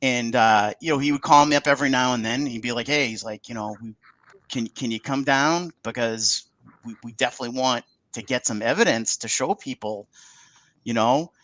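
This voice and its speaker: A man tells a story as a podcast guest, speaking in a middle-pitched voice. He acts out every line of quoted dialogue, jumping up and down in pitch and stumbling over restarts. The sound is close and dry, with no room echo at all. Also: moderate pace, a bit bright. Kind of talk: casual storytelling interview.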